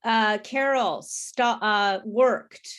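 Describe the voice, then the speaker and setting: A woman teaching an English pronunciation class, modelling words slowly and patiently for students to repeat. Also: medium pitch, a bit bright. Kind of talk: online group pronunciation class.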